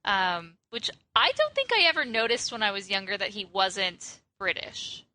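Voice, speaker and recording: Chatty, bright-voiced podcast woman. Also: mid-range voice, sing-song, normal speed. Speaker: podcast co-host. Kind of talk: casual film discussion.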